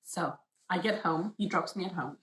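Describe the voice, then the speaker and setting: A woman's voice: fairly low pitch, moderate pace, fairly bright tone, echoey room, rough recording. Emotional woman telling her story. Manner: emotional, dramatic retelling. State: pregnant. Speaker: vlogger. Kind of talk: personal story vlog.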